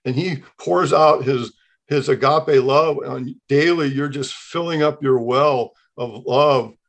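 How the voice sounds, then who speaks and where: A man in his sixties, a podcast guest, telling a personal faith testimony in an animated way, acting out the dialogue he quotes. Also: medium pitch, slow pace, vocal fry.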